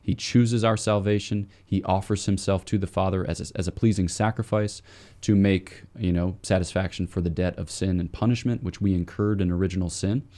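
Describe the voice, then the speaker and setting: A priest speaking as a podcast guest in a very low, mellow voice. He explains theology step by step in a measured, scholarly manner with the odd "um". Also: fairly even intonation.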